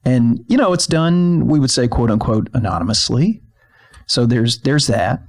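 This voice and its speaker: A man's voice: mid-range voice, expressive, normal speed. A man co-hosting a podcast, telling stories in a rambling casual chat full of fillers and restarts, in a filmed studio. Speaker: podcast co-host.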